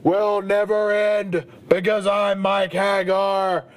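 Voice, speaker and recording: A man playing a gruff, hot-tempered middle-aged brawler who hosts a podcast, talking with crude, profane macho bluster. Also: sits high, level tone, slow. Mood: furious. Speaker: comedy podcast host in character. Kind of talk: comedic character monologue.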